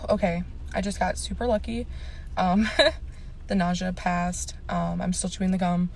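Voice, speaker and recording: A woman's voice: fairly low pitch, flat delivery, measured pace, creaky, pauses often, a little mellow, slight background noise. A young adult woman vlogging casually to camera, rambling with lots of "um"s and "like"s. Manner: rambling, many "um"s and "like"s. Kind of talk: casual vlog talk to camera.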